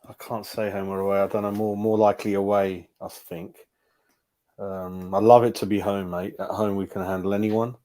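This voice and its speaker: A man's voice: on the low side, level tone, normal speed, mellow. A man from England in a casual football chat, chatty and asking questions, often saying mate. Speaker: podcast co-host.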